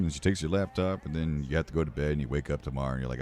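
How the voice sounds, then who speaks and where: A man's voice: very deep voice, very fast, darkish tone. A man streaming, chatting casually in a rambling, emotional way and swearing now and then. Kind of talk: casual livestream chat.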